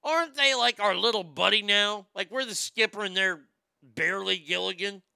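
A middle-aged man hosting a comedic show segment, ranting loudly and profanely and repeating himself. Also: high voice, normal speed, creaky, clean tone, no echo. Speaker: show host.

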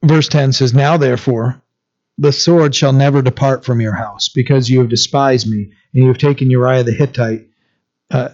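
A man preaching a sermon, moving between reading scripture and telling the story in plain, conversational words. He stops for fillers and restarts often. His medium-pitched voice comes through a slightly dull, lo-fi recording. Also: steady tone, normal speed, darkish tone. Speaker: pastor.

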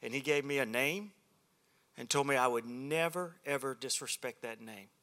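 A man's voice: medium pitch, normal speed, sharp tone. A man preaching a humorous sermon at a men's ministry, a self-deprecating and joking storyteller.

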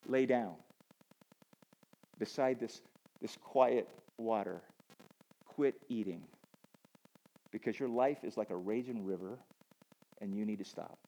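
A man voicing a gentle divine voice that urges rest, speaking softly and slowly within a sermon. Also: fairly low pitch, pitched below the performer's own voice, poor audio. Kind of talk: sermon illustration.

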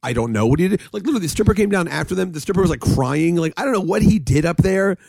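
A man's voice: high voice, rapid-fire, vocal fry, no echo. A man telling a long rambling story in casual chat, laughing often and swearing. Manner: rambling, animated storyteller with frequent laughs and profanity.

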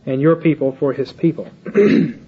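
A man's voice: fairly high pitch, moderate pace, warm tone, husky. An older man giving a Bible teaching lecture, retelling scripture in casual paraphrase and acting out the dialogue himself. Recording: muffled lo-fi recording.

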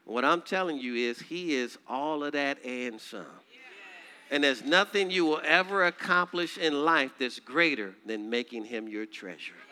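Bright, crisp-voiced preaching pastor. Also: male voice, expressive, measured pace. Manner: call-and-response preaching, urging the congregation to repeat phrases; swings from soft and low to high, loud declaiming. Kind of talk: sermon.

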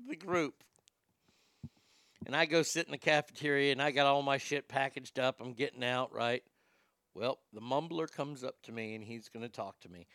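A man telling a stand-up story, animated and profane, acting out the lines of the people in it. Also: medium pitch, no room sound, studio quality. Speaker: stand-up comedian.

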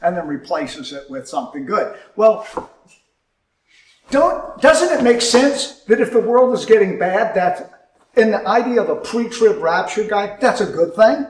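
A man preaching with an impassioned delivery, his voice rising high and then dropping low. He sits fairly high for a man and is picked up from a distance. The room around him is echoey. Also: sing-song, moderate pace. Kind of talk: sermon.

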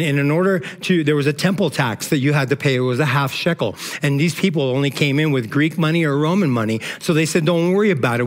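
A middle-aged male pastor preaching a sermon in an emotional, conversational way, often tossing in "man" and "all right". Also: on the high side.

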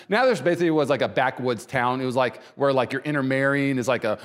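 A man preaching a sermon as pastor, conversational and animated, repeating phrases and voicing quoted people. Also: fast, hardly any pauses, big-room sound. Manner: voices quoted people with pitch jumps.

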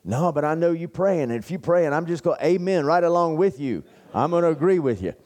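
A man's voice: lively intonation, fairly quick, a little mellow, natural voice. A man voicing his easygoing young male college roommate, a simple, trusting guy who talks in a playful, folksy way. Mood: cheerful. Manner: raised pitch, playful folksy speech.

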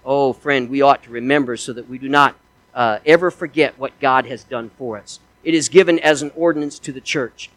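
A man preaching a sermon. He swings between emphatic, rising peaks and hushed, low asides. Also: a little fast, no echo.

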